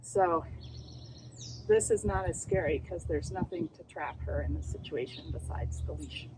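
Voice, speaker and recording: A woman dog trainer demonstrating outdoors, explaining calmly and then gushing high-pitched praise at a dog. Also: measured pace. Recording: outdoor noise and birdsong.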